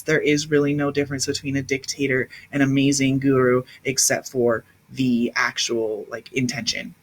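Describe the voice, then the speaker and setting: Occasionally responding to viewers straight into her webcam or phone mic, a woman in her thirties rambles with intensity and emphasis during a spiritual livestream. Her voice is deep with a fairly bright tone, and the talk is casual.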